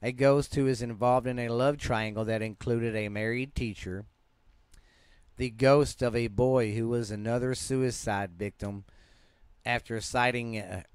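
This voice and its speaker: Lowish and smooth, with no room sound, this Southern US man hosts a podcast reading ghost stories in a relaxed, yawning manner. He frequently stumbles and starts words over.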